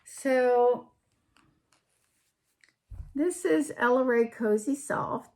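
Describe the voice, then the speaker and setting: A woman hosting a casual crafting show-and-tell, chatty and unhurried, often trailing off and picking up her sentences again. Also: fairly high pitch, a little mellow. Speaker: podcast host.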